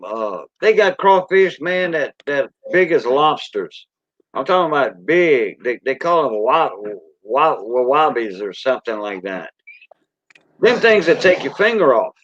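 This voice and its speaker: A man's voice: on the high side, animated, normal speed, a bit bright, no echo. Folksy Cajun man on a lo-fi stream. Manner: rambling, folksy, greets viewers by name. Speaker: livestream host. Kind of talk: casual livestream chat. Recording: dull lo-fi dry sound.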